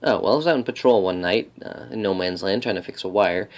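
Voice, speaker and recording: A man doing an easygoing young soldier in a comedy sketch, with a fairly low voice. He rambles along casually, as relaxed and oblivious as can be. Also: quick pace, lightly acted. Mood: laid-back. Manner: laid-back, rambling storytelling.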